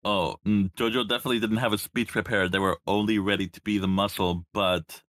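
A fairly low male voice joking through his turn at a tabletop game, stumbling and restarting as he goes. The sound is dry and close-miked. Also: fairly even intonation, brisk, a bit bright, dry recording. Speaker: player.

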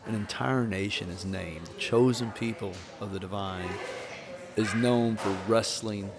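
A man's voice: on the low side, measured pace. A man who was once a minister, talking earnestly and telling stories in a candid conversation about grief. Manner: storytelling, earnest, preacherly. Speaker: podcast host, former minister.

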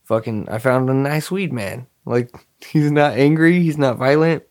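A young man telling stories in a relaxed, rambling way, full of slang and swearing. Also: mid-range voice, unhurried. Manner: laid-back, rambling storyteller with lots of slang and swearing. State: dry mouth, slightly hoarse. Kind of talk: casual chat.

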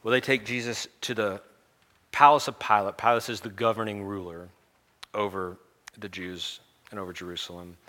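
A man preaching, retelling a story in an animated, conversational and humorous way. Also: fairly low pitch, moderate pace. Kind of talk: storytelling sermon.

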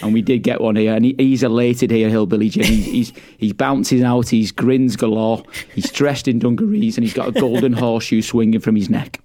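A man's voice: medium pitch, fairly quick, hardly any pauses, dark tone, dry recording. A man co-hosting a podcast, recapping a wrestling show in a chatty way, laughing often and repeating his words. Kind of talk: casual chat, play-by-play recap.

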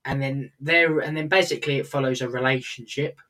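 A man's voice: mid-range voice, steady tone, a little fast, bright, forceful tone. Easygoing man chatting on a podcast. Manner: easygoing, drifts off topic, teasing. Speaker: podcast co-host. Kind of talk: casual chat.

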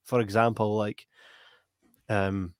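Scottish male podcaster spinning a lively yarn, dry close sound. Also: fairly low pitch, slow pace, dry recording. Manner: animated anecdote-telling, acting out quoted voices. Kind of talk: casual storytelling chat.

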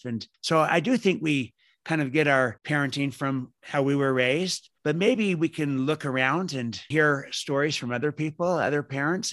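A man's voice: medium pitch, fairly bright tone, no echo, studio quality. A man being interviewed as an author, telling family stories in an earnest way. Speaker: guest author. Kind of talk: podcast interview.

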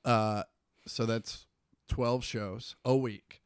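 A man's voice: medium pitch, fairly even intonation, very slow, clean tone, no echo, studio quality. A man co-hosting a casual podcast, telling rambling, mocking stories with a good deal of swearing. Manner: laid-back storytelling, swearing, mocking. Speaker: podcast co-host. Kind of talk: casual chat.

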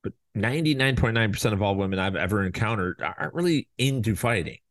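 A fired-up male podcast host with a lowish voice, talking straight into a close mic. He is blunt and profane and jumps into loud mocking voices. The sound is dry and close. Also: expressive, fast talker, no room sound. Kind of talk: fired-up opinion monologue.

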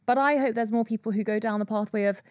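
A woman with a British accent, a yoga teacher, speaking earnestly and reflectively in a casual conversation, slowing to stress her points. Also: a little high, steady tone, a little mellow, no echo, clean studio sound.

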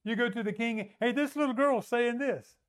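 Man preaching, high voice, acts out the quoted voices. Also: normal speed. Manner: retells the story, acting out the voices in quotes. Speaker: pastor. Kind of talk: sermon.

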